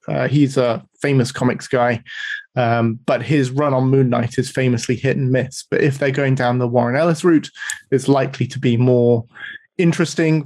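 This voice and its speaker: A man co-hosting a casual chat about films and comics, measured and enthusiastic. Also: mid-range voice, a little mellow, no room sound. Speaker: podcast co-host.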